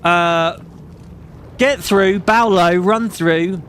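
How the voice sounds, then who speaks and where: A man's voice: high voice, drawn-out words, fairly bright tone, a little hiss or hum. A man telling a story in a casual vlog, rambling and emphatic, swearing freely. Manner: rambling, profane, emphatic retelling. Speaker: gaming video creator.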